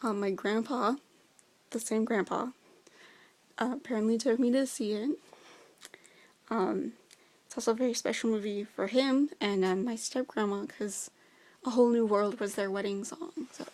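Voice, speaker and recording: A woman's voice: on the high side, normal speed, long pauses, a little mellow. A young woman chatting casually about her favorite movies, enthusiastic and full of fillers. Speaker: vlogger.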